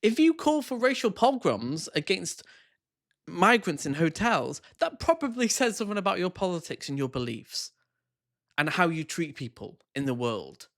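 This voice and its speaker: A man's voice: high voice, big pitch swings, normal speed, fairly bright tone. A man doing scornful, exasperated reaction commentary, swearing freely.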